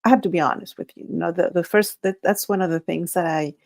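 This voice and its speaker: A woman whose first language is Spanish, hosting a casual livestream, talking in a halting, nervous way with many restarts. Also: lowish voice, fairly even intonation, vocal fry, a little mellow. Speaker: livestream host.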